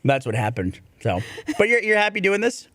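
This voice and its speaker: A man's voice: high-pitched, brisk, no room sound. A man co-hosting a podcast in casual chat, joking and telling stories. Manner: animated, joking storyteller. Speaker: podcast co-host.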